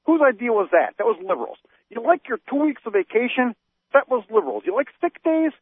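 A man with a high, tight voice rants through a run of pointed rhetorical questions as a talk radio co-host. The sound is tinny and phone-like, thin in the lows and highs. It is bone-dry, with no room around it. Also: sing-song, a little fast, slightly rough, no echo. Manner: ranting, fires off rhetorical questions. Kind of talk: political talk radio discussion.

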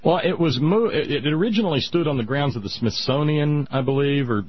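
A man hosting casual radio talk who rants loudly and slips into nerdy asides. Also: a little high, a little fast, a little hiss or hum. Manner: ranting, animated, nerdy asides. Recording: dull lo-fi radio sound.

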